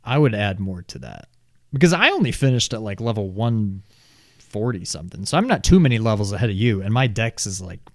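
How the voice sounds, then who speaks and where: A man co-hosting a podcast, calmly giving game advice in casual chat. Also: lowish voice, brisk, no room sound, clean studio sound. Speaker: podcast co-host.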